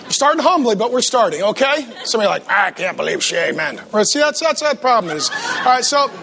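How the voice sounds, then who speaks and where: A man's voice: extremely high pitch, quick pace, background noise. A man preaching a humorous sermon to a church congregation, playfully acting out the voices he quotes. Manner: animated, talks to the congregation.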